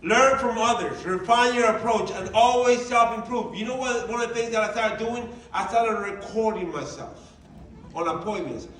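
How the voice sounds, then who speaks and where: A man giving a motivational training talk to his team, telling lively stories and acting out the dialogue. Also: sits high, normal speed. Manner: animated storyteller, acting out dialogue. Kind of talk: motivational speech. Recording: roomy, distant sound with faint ambience.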